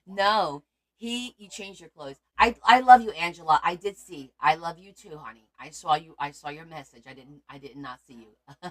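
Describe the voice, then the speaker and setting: A woman's voice: medium pitch, fairly bright tone. A woman hosting a casual crafting livestream, chatting to viewers as she shows her work.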